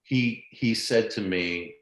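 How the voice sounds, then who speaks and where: Older american guy telling showbiz stories, kinda low voice, swears a bit, echoey room. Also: slow pace. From United States. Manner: animated anecdotal storyteller, blunt and profane. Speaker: guest actor. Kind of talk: casual storytelling interview.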